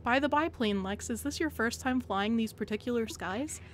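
A woman reading out a laid-back male bird pilot in a relaxed, drawling way, over faint game music. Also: a little high, moderate pace, slight background noise, natural voice. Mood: easygoing.

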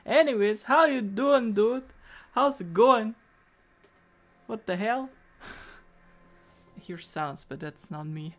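A woman who is not a native English speaker chats through a story game, giggly and joking. She talks slowly and her pitch moves a lot, with soft game music underneath. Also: lively intonation. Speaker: game streamer. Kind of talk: casual game commentary.

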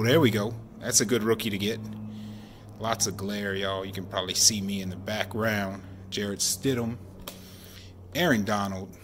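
A man, chatting excitedly while opening sports card packs at home and keeping his voice down. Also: on the low side, slight background noise. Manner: excited, chatty, says y'all often; keeping voice down while kid sleeps. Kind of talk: casual card-opening vlog. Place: home, at night.

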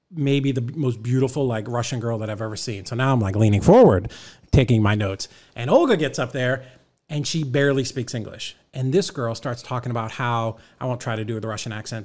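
Podcast guest, a man, mid-range voice; casual, lively storyteller with acted-out quotes. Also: medium pitch. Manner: animated storyteller, quick asides and acted quotes. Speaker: guest, real estate investor.

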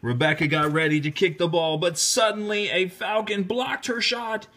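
A man teacher reading a children's picture book aloud, animated and rising to high excited shouts at the exciting parts. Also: normal speed. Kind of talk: children's storybook read-aloud.

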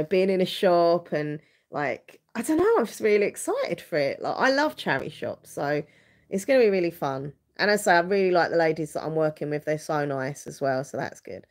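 Woman, thirties, low-pitched, rambling livestream chat, earnest. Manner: rambling, frequent restarts and fillers, open and earnest. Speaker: vlogger hosting a livestream.

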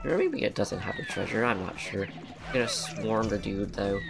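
A man's voice: lowish voice, sing-song, moderate pace, gravelly. A man giving casual, rambling gameplay commentary, laughing often and using slang. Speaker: let's play commentator. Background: game music.

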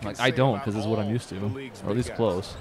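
Low-voiced joking man gaming with friends. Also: fairly even intonation, fast. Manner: joking, laughs often, talks through his plays. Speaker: co-host playing a basketball video game. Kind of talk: casual let's-play chat. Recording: game crowd audio underneath. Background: video game arena crowd.

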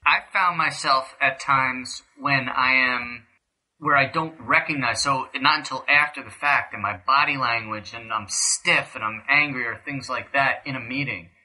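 A man's voice: medium pitch, moderate pace, sharp tone, poor audio. A man hosting a podcast interview, asking questions conversationally and restarting them as he thinks. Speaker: podcast host.

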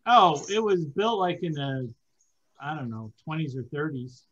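A man's voice: on the high side, very animated, measured pace, a bit bright, muffled recording. A man hosting a casual podcast chat, rambling with many fillers and hesitations. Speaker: podcast host.

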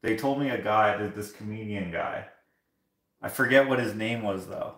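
Fairly low in pitch and moderately paced, a Canadian live streamer tells relaxed stories in his kitchen at home while washing the dishes. He acts out the other people with animation, and the recording has a roomy sound.

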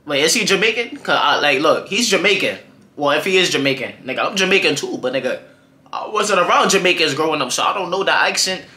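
Chatty slangy guy, bright voice, echoey room. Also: a little high, expressive, quick pace. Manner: slangy, loose and chatty, talking to viewers. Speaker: music reaction host. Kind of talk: casual reaction commentary. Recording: echoey room with faint music behind.

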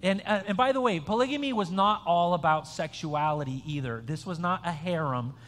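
Fairly quick and fairly bright in tone, a high-voiced pastor preaches a chatty, joking sermon that includes an interactive quiz. He often restarts his sentences, and a long hall reverb trails each phrase through the church sanctuary.

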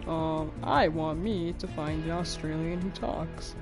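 Man, casual gameplay commentary, unhurried drawl, exasperated, swearing, loud game music behind. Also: fairly high pitch, steady tone. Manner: exasperated, swears often, pleads with silent teammates. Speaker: gamer recording gameplay.

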